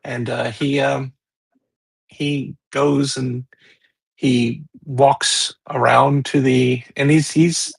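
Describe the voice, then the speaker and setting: A man's voice: mid-range voice, creaky, fairly bright tone, husky, no room sound, rough recording. A man narrating as game master of a tabletop game, rambling with many fillers and restarts.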